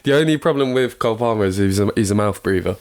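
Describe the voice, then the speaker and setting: A man's voice: lowish voice, lively intonation, quick pace, clear, resonant tone. A young man co-hosting a football podcast, congested, chatting in a rambling, self-mocking way. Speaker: podcast co-host. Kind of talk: casual football chat.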